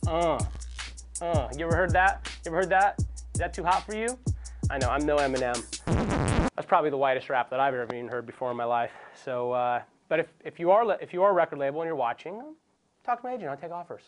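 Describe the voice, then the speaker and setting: A man's voice: on the high side, quick pace, soft background music. A young man hosting a comedic web show, joking and rambling in a self-deprecating way. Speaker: host.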